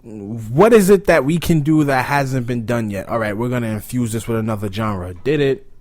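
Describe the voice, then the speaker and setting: A young man, a rapper as a podcast guest, talking casually, bluntly and with animated swearing. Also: medium pitch, moderate pace.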